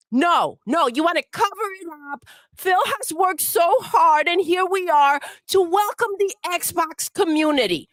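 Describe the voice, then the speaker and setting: A woman's voice: extremely high pitch, measured pace, a bit bright, dry recording. A woman delivering a profane, scornful rant full of swearing. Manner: scornful, swearing, mocks with put-on voices. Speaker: livestream segment voice.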